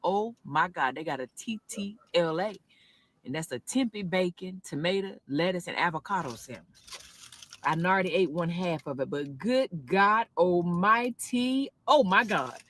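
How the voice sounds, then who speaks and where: Bright-voiced woman gushing in her car. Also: fairly low pitch. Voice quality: animated southern-style preacher cadence, drawn-out exclamations. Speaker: food video creator. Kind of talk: casual selfie video review.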